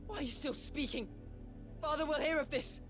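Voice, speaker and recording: A woman voices a spoiled, cruel noble boy in a game cutscene, whining and sneering in a high voice. He is petulant and looks down on everyone around him. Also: moderate pace, over music, lightly acted. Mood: scornful. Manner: whiny, petulant and scornful. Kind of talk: video game cutscene acting.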